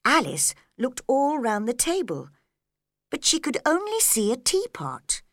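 A woman narrating a storybook in a slow, clear and expressive way. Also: sits high, no echo, studio quality.

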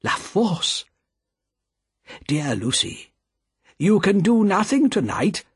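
A man's voice: high-pitched, very animated, slow pace, husky, no echo, clean studio sound, voice pushed up, full character voice. A man voicing an anxious elderly male banker in an audiobook, urgent and pleading.

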